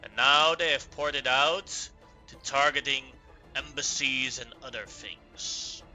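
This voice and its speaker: A man's voice: medium pitch, sharp tone, soft background music. A man playing a sultan who speaks formally and regretfully about failures in his city. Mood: regal, regretful. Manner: slow, measured, formal speech. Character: male Sultan ruler, formal and remorseful.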